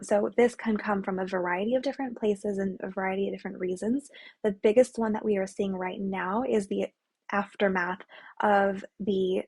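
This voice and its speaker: A woman's voice: mid-range voice, darkish tone, husky. A young woman math tutor giving an earnest explainer to parents, often checking in with "right?" and restarting her sentences. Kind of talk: talking-head explainer to parents.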